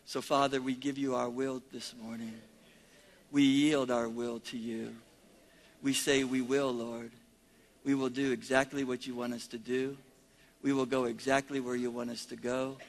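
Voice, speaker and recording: A man preaching as pastor, leading a congregation in call-and-response and swinging between shouted praise and quiet prayer. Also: mid-range voice, little pitch movement, normal speed. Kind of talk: sermon.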